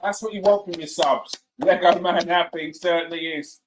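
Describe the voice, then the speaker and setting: A man hosting a live football watchalong, reacting excitedly, shouting at players and swearing. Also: on the high side, moderate pace, noisy background.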